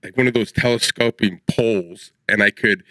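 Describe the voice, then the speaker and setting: A man's voice: on the low side, moderate pace, pushed and bright, no echo, rough recording. A man in his forties co-hosting a podcast, telling rambling stories in casual chat and laughing as he talks. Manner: rambling storyteller, laughs mid-sentence. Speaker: podcast co-host.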